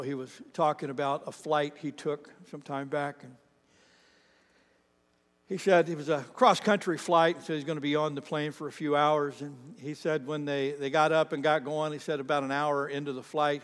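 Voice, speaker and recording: A man preaching a sermon as pastor, telling stories with animated emphasis that rises to shouts at the peaks. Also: fairly high pitch, moderate pace, in a large hall. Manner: animated storytelling, rising to shouts at climaxes.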